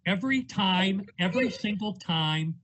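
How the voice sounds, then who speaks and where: Lively male host on a video call. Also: sits high, normal speed, a crowd in the background, low-quality recording.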